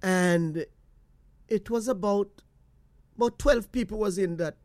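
A man with a Jamaican accent tells his viewers a personal story in an animated way, slipping into patois and repeating phrases. He speaks slowly in a high-pitched voice, with no room sound.

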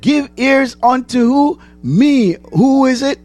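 A man preaching a sermon, asking the congregation questions and answering them, repeating phrases and rising to shouts. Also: very high-pitched, lively intonation, slow, few pauses, soft background music.

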